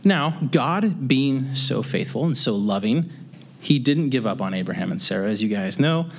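A man leading a relaxed verse-by-verse Bible teaching at an everyday middle pitch. He talks to his listeners plainly and conversationally and drops in light joking asides as he reads and explains. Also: moderate pace.

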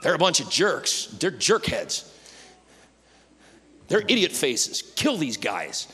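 A preacher doing a hotheaded young disciple, fuming. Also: male voice, fairly high pitch, wildly swooping pitch, takes it slowly, pushed and bright, husky, full character voice. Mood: indignant. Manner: indignant, name-calling. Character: hot-tempered young male disciple, itching for vengeance. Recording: reverberant church hall.

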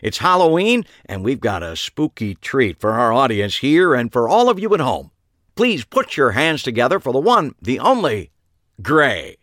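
A man voicing a showy local TV presenter who announces loudly in the style of a live broadcast. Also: medium pitch, big pitch swings, moderate pace, no room sound, clean studio sound, voice pushed up. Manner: loud, showman announcing. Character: showy TV presenter hosting a live Halloween special.

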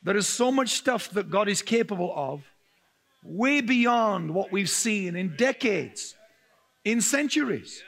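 A male preacher delivering a lively, humorous sermon. His voice sits high for a man and has a gravelly edge, and he often laughs as he tells his stories. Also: takes it slowly. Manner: humorous, laughing, animated storytelling. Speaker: pastor.

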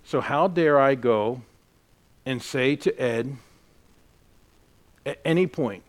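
A man's voice: mid-range voice, takes it slowly. A man preaching a sermon as a pastor, earnest and emphatic as he tells a personal story.

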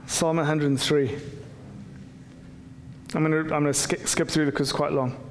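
A man's voice: fairly high pitch, flat delivery, normal speed, long reverb tail, slight background noise. A man preaching a conversational sermon as pastor, with frequent restarts and repeated words. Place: church.

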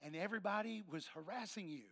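Gravelly high-voiced preacher telling a story. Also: male voice, fast talker. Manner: animated storyteller acting out dialogue. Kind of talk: sermon storytelling.

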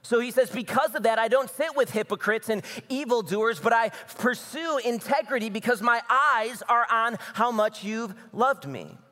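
A man from the American Midwest preaching a conversational sermon as pastor, building to emphatic, energetic passages. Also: extremely high pitch, moderate pace, few pauses. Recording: long reverb of a large hall.

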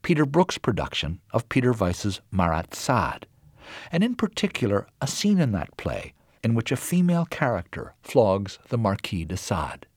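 A man reading scripted documentary narration in a measured, expressive way. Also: no room sound, studio quality. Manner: measured, expressive reading with wide pitch swings.

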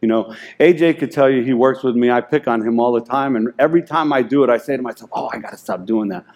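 A man giving an informal, excited sermon, rambling and self-deprecating as he reads scripture aloud. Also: mid-range voice, fast talker. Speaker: lay preacher.

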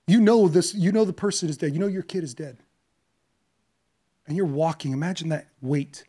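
High-voiced male preacher, hushed to impassioned. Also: moderate pace, long pauses. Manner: storytelling, swings from hushed to impassioned. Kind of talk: sermon.

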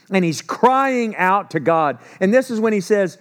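A male preacher with a slightly high voice delivers his sermon in a loose, conversational way. He asks rhetorical questions and answers them himself. He acts out people's words in a casual, everyday voice. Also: expressive, moderate pace, few pauses. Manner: acts out quoted speech in a casual voice. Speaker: pastor.

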